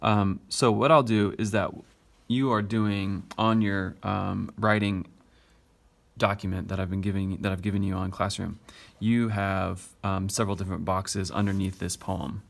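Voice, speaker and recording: A man's voice: low-pitched, flat delivery, moderate pace, vocal fry. A male teacher explaining poetry step by step in a recorded lesson, tapping out the stressed beats as he reads.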